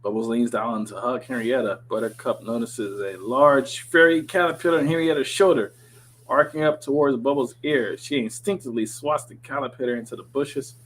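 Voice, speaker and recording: A man's voice: mid-range voice, moderate pace, slight background noise, rough recording. A man reading a TV script aloud on his podcast, breaking off into profane, sarcastic commentary.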